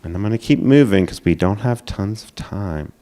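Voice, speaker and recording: Deep-voiced male presenter, hurried, explanatory, lots of ums. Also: lively intonation, dark tone. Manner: explanatory, hurried, filler-laden. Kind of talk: conference presentation.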